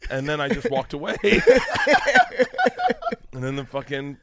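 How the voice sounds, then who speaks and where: Animated, profane man telling stories. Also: mid-range voice, a little slow, crowd noise. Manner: animated, profane, laughing through his stories. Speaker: guest storyteller. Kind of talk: casual podcast storytelling.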